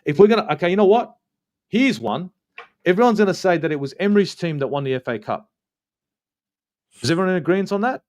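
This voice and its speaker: A man with an Australian accent and a voice pitched a little above the usual male range. He hosts a fan match review in a heated, ranting way, cursing freely and hammering points home by saying them twice. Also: expressive, fast, pauses often, darkish tone. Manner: ranting, swears a lot, repeats himself for emphasis. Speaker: football channel host.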